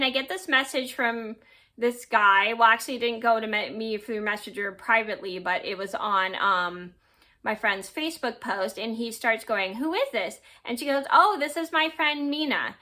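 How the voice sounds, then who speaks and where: A vlogger in her twenties casually tells a personal story to camera in a fairly high, sharp-toned voice. She rambles, quotes what people said, and throws in "yada yada."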